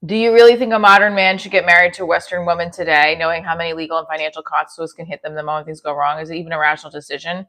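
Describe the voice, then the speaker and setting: A woman's voice: sits low, little pitch movement, racing, hardly any pauses, a bit bright. Jersey lady in her 40s, casual kitchen livestream chat, reading comments and chatting back. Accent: New Jersey. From New Jersey. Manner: chatty, reads and answers comments aloud. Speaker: comedian livestreaming. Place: home kitchen.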